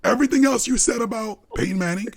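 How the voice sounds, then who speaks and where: A man's voice: very high voice, fast talker. A man co-hosting a live sports podcast, arguing heatedly in casual talk, swearing, laughing and repeating himself as he presses his point. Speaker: podcast co-host.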